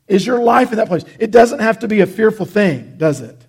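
A pastor preaches in an earnest, conversational way, stumbling and restarting as he goes. His voice sits high for a man and has a gravelly, husky edge. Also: expressive, a little fast, hardly any pauses, a little mellow. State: choked up with emotion. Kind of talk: sermon.

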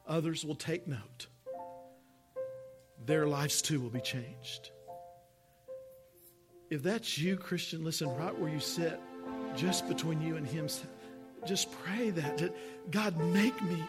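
A man preaching a sermon as pastor, earnest and full of rhetorical questions. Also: a little high.

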